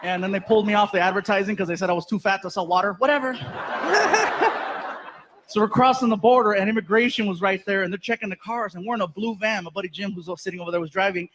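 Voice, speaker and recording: A man from Los Angeles telling an animated stand-up story live on stage, often laughing through his own punchlines. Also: high voice, quick pace, noisy background. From Los Angeles, USA. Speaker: stand-up comedian. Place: comedy stage before a live audience.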